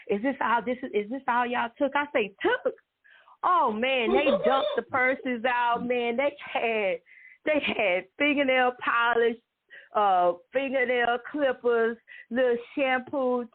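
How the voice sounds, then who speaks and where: A woman from Dallas, telling a story in a casual way, animated and laughing often with dramatic exclamations. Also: on the high side. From Dallas, Texas. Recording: tinny phone-like sound.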